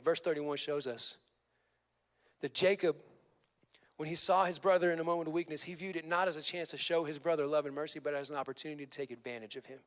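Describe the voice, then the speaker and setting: An energetic sermon comes from a male pastor whose voice is a little high and fairly bright. Scripture mixes with slangy asides, and his words ring through the sanctuary with long hall reverb.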